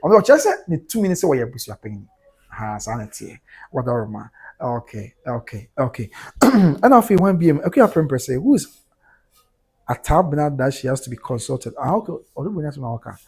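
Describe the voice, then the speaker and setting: A man's voice: medium pitch, very animated, a little fast, darkish tone, slightly rough. A Ghanaian man hosting a livestream, reading out viewer comments and reacting to them in a mix of Twi and English.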